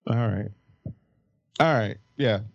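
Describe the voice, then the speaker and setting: A man's voice: fairly low pitch, takes it slowly, vocal fry, no room sound. A man hosting a casual movie chat podcast, teasing and laughing often. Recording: dull lo-fi sound.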